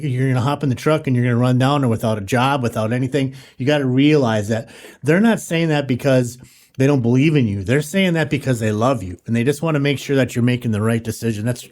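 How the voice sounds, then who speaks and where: A man's voice: mid-range voice, fast, darkish tone. A man co-hosting a podcast in casual conversation, earnestly urging listeners to chase their dreams. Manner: earnest, motivational, talks straight to listeners. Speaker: podcast co-host.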